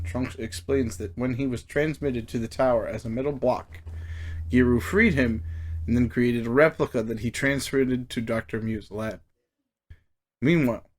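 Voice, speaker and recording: A young man co-hosting a casual chat, reading out a plot summary with fillers and laughs. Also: medium pitch. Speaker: podcast co-host.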